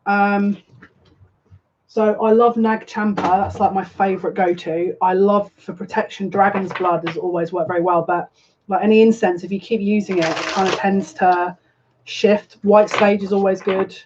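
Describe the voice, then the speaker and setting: This casual live tarot reading comes from a home room where incense is being lit. The reader's mid-range voice moves at a moderate pace with fairly even intonation, looping back on phrases and repeatedly saying "yeah, look." Sound quality is dull lo-fi with a little background noise.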